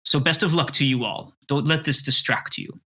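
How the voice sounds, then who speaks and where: A man's voice: a little high, moderate pace, sharp tone. A man voicing a stately male centaur who directs a magic academy, speaking formally and solemnly.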